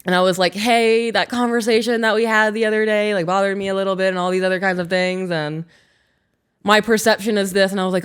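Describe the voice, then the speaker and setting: A young adult woman chatting on a podcast, breaking into laughter and acting out little quoted exchanges. She talks at an ordinary middle pitch and keeps it easygoing and candid. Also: fairly quick, clear, resonant tone. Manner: laughs often, acts out quoted lines. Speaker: podcast co-host. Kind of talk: casual chat.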